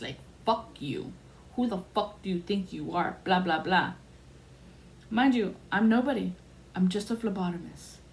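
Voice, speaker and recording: Woman, blunt, animated storytelling, casual monologue, faint background noise. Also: mid-range voice. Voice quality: blunt, animated, acts out quoted voices. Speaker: podcast host telling a story.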